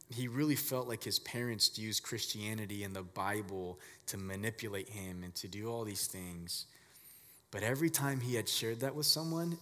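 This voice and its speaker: Pastor, male, low voice, laid-back and chatty delivery, lots of fillers, big reverberant hall. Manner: relaxed, filler-heavy storytelling. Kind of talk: casual conversational sermon.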